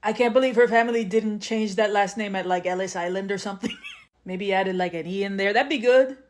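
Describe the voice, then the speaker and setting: A woman comedian performing sketches and stand-up with dry, deadpan comebacks. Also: medium pitch, brisk.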